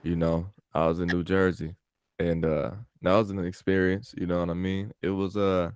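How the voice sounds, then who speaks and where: Young man, from california, deep low voice, rambling profane podcast chat, dry close sound. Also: level tone, normal speed, a little mellow, clean tone, no echo. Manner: rambling, profane, lots of fillers and restarts. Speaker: podcast host. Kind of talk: casual storytelling chat. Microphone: call audio.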